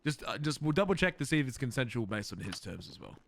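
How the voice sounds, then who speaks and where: A man's voice: mid-range voice, sing-song, fast talker, creaky, a little hiss or hum. A man streaming a game role-play and chatting to viewers, swearing, laughing and rambling.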